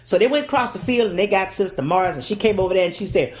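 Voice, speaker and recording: A woman's voice: medium pitch, expressive, rapid-fire, a little mellow. An older woman with a Southern US accent, telling a folksy, dramatic childhood story. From Louisiana, USA. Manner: folksy, dramatic delivery with acted-out voices. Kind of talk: oral storytelling.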